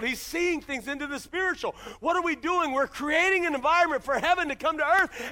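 Very high-voiced, bright male preacher. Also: a little fast, hardly any pauses. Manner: emphatic preaching with repeated rhetorical questions. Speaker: pastor. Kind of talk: sermon. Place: church.

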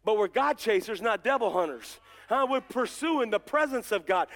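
High-voiced man preaching fervently. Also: expressive, moderate pace, hardly any pauses. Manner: fervent preaching that rises to shouts; folksy and joking, addresses members of the congregation. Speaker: pastor. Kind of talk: sermon. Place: church.

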